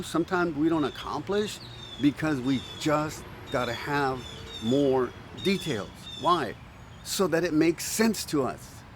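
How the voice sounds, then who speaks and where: A male pastor preaching with animated storytelling, acting out quoted voices and restarting words often. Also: fairly high pitch, a little hiss or hum. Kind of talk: sermon.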